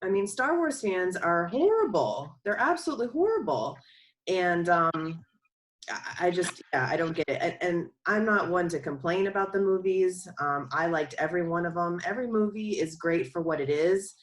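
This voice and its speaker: Female co-host, lowish voice, emphatic and opinionated. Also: animated, normal speed, a little hiss or hum, low-quality recording. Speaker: podcast co-host. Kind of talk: casual podcast chat.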